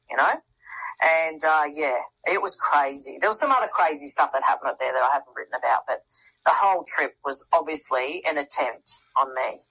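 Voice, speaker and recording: A woman tells her story in an animated, dramatic way, slipping into the voices of the people she quotes. Her voice sits low and sounds husky. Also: brisk, low-quality recording. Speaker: guest. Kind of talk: storytelling in casual conversation.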